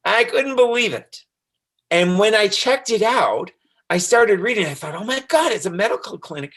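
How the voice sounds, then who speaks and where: A man's voice: high voice, expressive, normal speed, fairly bright tone. A man recounting his experience as an interview guest, telling it animatedly, acting out the dialogue and laughing often. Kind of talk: casual storytelling interview.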